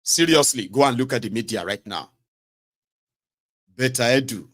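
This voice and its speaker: A Nigerian man giving casual, sarcastic political commentary in a rambling, animated way. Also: mid-range voice, normal speed.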